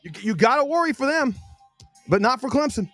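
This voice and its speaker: A man's voice: very high-pitched, lively intonation, a little fast, sharp tone, no echo, faint music behind. A man hosting a casual sports podcast, talking in a rambling way, often repeating words and eating as he talks. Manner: chatty, repeats himself, talks with his mouth full. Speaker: podcast host.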